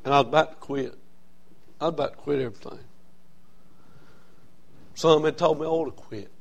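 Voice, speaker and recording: A man preaching a sermon as a Baptist pastor, telling a story that swings from quiet and low to loud and raised.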